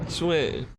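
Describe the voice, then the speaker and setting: A man playing a text adventure game, reading its lines aloud and adding wry, deadpan comments on a close mic. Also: background noise. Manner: wry, deadpan, bursts into laughter. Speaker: gaming YouTuber.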